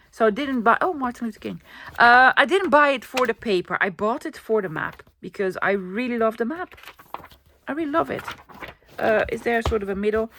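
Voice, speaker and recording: A woman's voice: medium pitch, a bit bright, no room sound. Chatty woman vlogger. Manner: chatty, enthusiastic, thinking aloud. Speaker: craft vlogger. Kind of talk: casual show-and-tell vlog.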